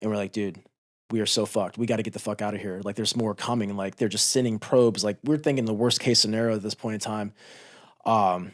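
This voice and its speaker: A man's voice: lowish voice, steady tone, fairly quick. A man in his thirties, a former Marine, telling a combat story in a candid, profane, intense way on a podcast. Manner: intense, profane, re-enacts shouts. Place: podcast studio.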